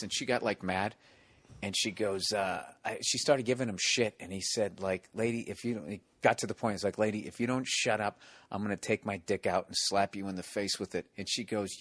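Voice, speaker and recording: A man's voice: lowish voice, a little fast, a bit bright. A middle-aged man hosting a podcast, telling profane stories and acting out the people in them. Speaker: podcast host. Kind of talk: casual chat, storytelling.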